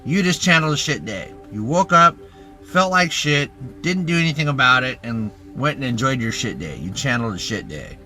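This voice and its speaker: A young man rants in a bright, forceful voice, swearing constantly as he rambles between big hype and muttered asides. His pitch swings widely from line to line, and he sounds like a loose self-help pitch clipped from a social video. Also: big pitch swings, brisk, faint music behind. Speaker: TikTok ranter. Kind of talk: profane self-help rant.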